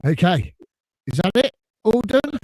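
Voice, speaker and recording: A man's voice: high-pitched, very animated, a little slow, darkish tone, no echo. A man hosting a casual fan podcast, bantering and laughing often. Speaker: podcast host. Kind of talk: casual chat.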